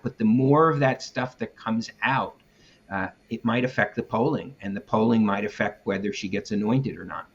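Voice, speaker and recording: Husky-voiced man in casual commentary. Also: mid-range voice, dull audio. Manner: conversational, emphatic, laughs often. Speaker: podcast co-host.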